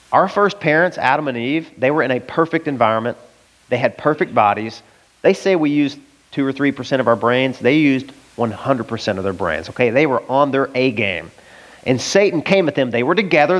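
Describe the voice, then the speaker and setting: A man from the American South preaching a lively, conversational sermon and often asking his listeners questions. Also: medium pitch, brisk, poor audio.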